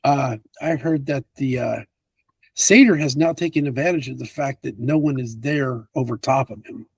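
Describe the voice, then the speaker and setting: A man voicing a weary male priest healer who talks in hesitant, halting phrases. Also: mid-range voice, gravelly, a little mellow, slightly rough, no echo. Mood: warning.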